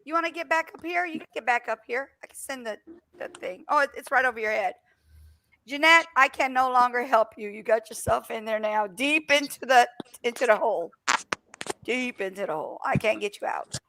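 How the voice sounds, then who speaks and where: Woman, high voice, bright tone, laughing often, teasing live-stream host, headset mic. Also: brisk. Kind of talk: casual live chat.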